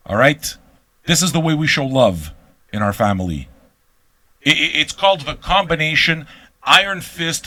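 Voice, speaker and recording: Brash, bright-voiced older man. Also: fairly high pitch, expressive, fairly quick, dry recording. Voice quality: brash, profane, teasing. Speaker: host of an album reaction channel. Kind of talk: live-streamed casual rant.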